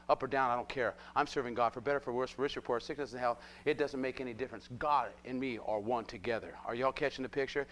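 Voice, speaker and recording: A man preaching a live sermon, animated and jokey, constantly prodding his listeners with rhetorical questions. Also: mid-range voice, quick pace, few pauses.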